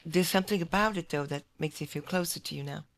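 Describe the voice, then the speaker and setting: A woman's voice: low voice, quick pace. A woman doing a brash, flirty tail-sporting gal with a put-on Jersey accent. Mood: teasing. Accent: put-on New Jersey accent. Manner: teasing, playful, bold. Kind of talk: improv scene. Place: games venue.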